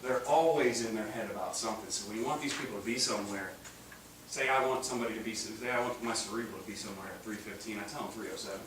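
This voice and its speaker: A man giving an animated, joking seminar talk to a live audience. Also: on the low side, fast. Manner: animated, joking, acts out voices with laughs. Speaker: chiropractic seminar speaker. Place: large room with live audience. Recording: distant mic, echoey room, noisy.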